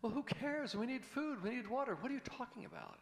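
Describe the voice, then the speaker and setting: A man's voice: very high voice, expressive, a little fast, in a large hall, pitched above the performer's own voice. A man voicing a nervous stranded man in a joke, asking frantic, pleading questions. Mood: panicky.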